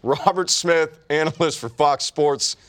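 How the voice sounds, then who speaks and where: A man's voice: a little high, unhurried, fairly bright tone. A man co-hosting a casual sports talk show, sarcastic and teasing, swearing freely.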